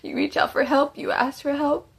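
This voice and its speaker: A woman's voice: high-pitched, little pitch movement, normal speed. A woman giving emotional testimony as a former inmate, urgent and pleading. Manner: urgent, pleading, tearful at times.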